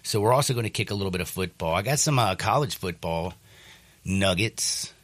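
A male sports radio host, congested from sinus trouble, talking in a rambling, animated, jokey way. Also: sits low, a little fast. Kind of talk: sports talk radio chat.

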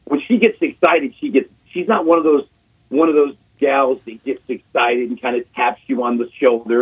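A man in his sixties, a guest on sports radio, telling an animated story and acting out quotes, repeating himself as he goes. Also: medium pitch, moderate pace, breathy edge. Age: 60s. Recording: phone-line call on radio.

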